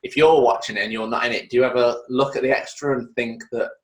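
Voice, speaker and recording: A man's voice: mid-range voice, fairly even intonation, fast talker, reverberant. A man hosting a podcast, asking casual questions and giving lots of short agreeing replies. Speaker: podcast host.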